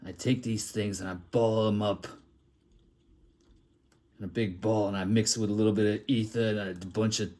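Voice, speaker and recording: A man's voice: fairly low pitch, fairly even intonation, normal speed, long pauses, a little mellow, lightly acted. A man voicing a grimy male plague doctor from a back-alley town, rambling and crude in an improvised comic monologue. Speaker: artist improvising a comic story.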